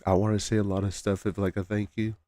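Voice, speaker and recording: Male streamer with a low, mellow voice, halting and soft-spoken, casual stream chat. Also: flat delivery, no room sound, clean studio sound.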